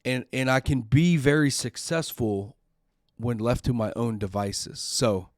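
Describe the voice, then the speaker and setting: A man's voice: medium pitch, unhurried, dry recording, studio quality. A middle-aged man hosting a podcast, telling a personal story in an earnest, emotional way and sometimes repeating words when upset. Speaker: podcast host.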